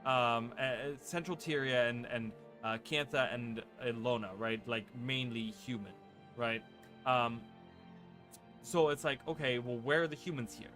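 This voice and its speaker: A man's voice: mid-range voice, a little slow, a bit bright. Rambling gamer guy over game music. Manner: rambling, heavy on fillers like "like" and "right?". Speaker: gaming channel host. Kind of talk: casual let's-play commentary. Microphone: desk microphone. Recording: game music playing under the voice.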